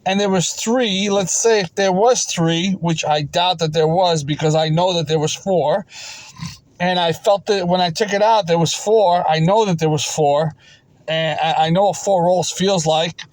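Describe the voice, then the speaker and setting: A man's voice: high-pitched, fairly even intonation, measured pace, no echo, low-quality recording. A man telling a story to camera in an aggrieved, insistent way, repeating himself and stumbling over restarts. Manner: frequent stammered restarts. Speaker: vending route operator.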